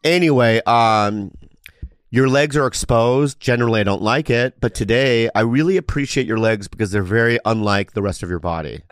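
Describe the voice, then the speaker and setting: A middle-aged man teasing his friends in casual banter, drawn-out and playful. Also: mid-range voice, no echo, clean studio sound.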